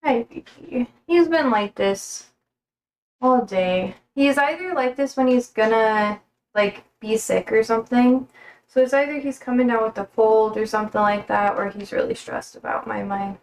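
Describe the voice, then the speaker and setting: A woman's voice: fairly high pitch, moderate pace, slight background noise, poor audio. A young woman livestreaming from her kitchen, chatting casually and rambling between talk to her pets. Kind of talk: casual chat while cooking.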